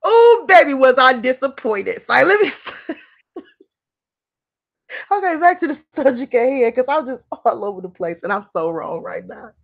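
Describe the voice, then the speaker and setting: A woman's voice: sits high, moderate pace, vocal fry. Candid woman chatting on a lo-fi stream. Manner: candid, animated, rambling with frequent laughs. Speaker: livestream host. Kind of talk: casual live chat reading viewer comments. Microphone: streaming mic. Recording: dull lo-fi stream audio.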